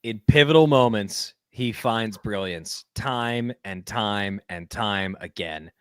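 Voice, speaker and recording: A man co-hosting a live tennis watchalong from home, reacting with jokes and emphatic, drawn-out remarks. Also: lowish voice, smooth, dry recording. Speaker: co-host. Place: home streaming setup.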